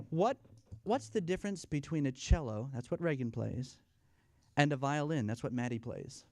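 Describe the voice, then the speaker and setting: A man telling corny jokes and a long shaggy-dog story at a church family night, playful and self-deprecating, pausing for laughs. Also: medium pitch, expressive, slight background noise. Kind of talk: stand-up style corny jokes. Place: church fellowship event, live.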